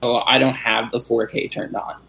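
A man's voice: medium pitch, fairly even intonation, moderate pace, creaky, pushed and bright, rough recording. A man in a casual chat who speaks in a laid-back way, with many fillers like 'uh' and 'like'.

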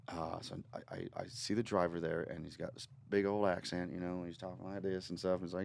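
A man from Northern Ontario, a guest musician telling a rambling, animated story in a casual studio interview. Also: deep voice, moderate pace, gravelly, dry recording. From Northern Ontario, Canada. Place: recording studio.

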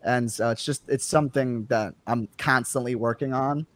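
A man's voice: mid-range voice, steady tone, normal speed, no echo. A young man in a band, chatting casually and rambling with filler words and casual swearing. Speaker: band member. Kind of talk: casual group chat.

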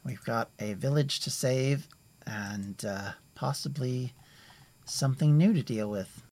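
A man voicing a brisk, commanding older woman called Mother in a tabletop game. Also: mid-range voice, darkish tone.

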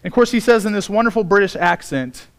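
Pastor, middle-aged man, sermon delivery; higher-pitched voice, earnest and emphatic, stretches out the important words. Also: animated, fast talker, fairly bright tone.

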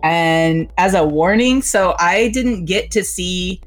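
A woman co-hosting a casual podcast chat, excitable and swearing often, filling her talk with "like". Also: lowish voice, slow pace, faint music behind. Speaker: podcast co-host. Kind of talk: casual chat about a video game. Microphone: desk microphone.

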